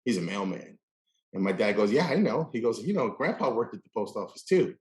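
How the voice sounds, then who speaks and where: A man hosting a casual interview, telling animated stories and acting out the people he quotes. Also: on the low side, brisk, roomy sound. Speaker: podcast host.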